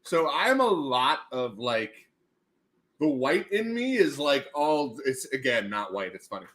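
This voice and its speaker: A man's voice: mid-range voice, sing-song, measured pace, a bit bright. A man hosting a casual livestream, rambling and joking and laughing often between his remarks. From United States. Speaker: livestream host.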